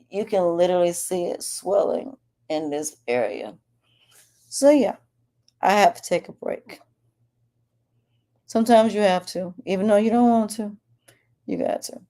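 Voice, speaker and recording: Speaking in a mid-range, gravelly, warm voice, a woman who hosts a podcast shares a personal update on her health. Her throat is sore and swollen, and she rambles candidly, frequently starting over.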